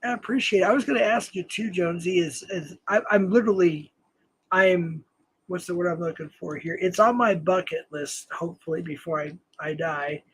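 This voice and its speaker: A man's voice: sits high, normal speed, breathy edge, poor audio. A man from New Mexico hosting a casual live-stream chat, rambling with many fillers and self-corrections and chuckling often. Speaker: host.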